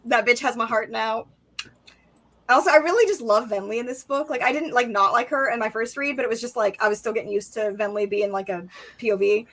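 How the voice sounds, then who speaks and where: A young woman talks casually on a live stream about books, her voice sitting a bit high. She is excitable and swears freely, slipping into little acted quotes as she goes. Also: a little fast, rough recording. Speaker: book discussion co-host.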